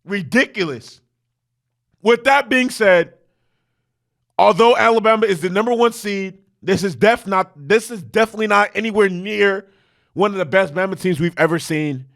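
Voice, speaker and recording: A man hosting a sports talk show from his studio, giving profane, animated commentary that builds into shouting rants. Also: high-pitched, normal speed, gravelly. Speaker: sports podcast host.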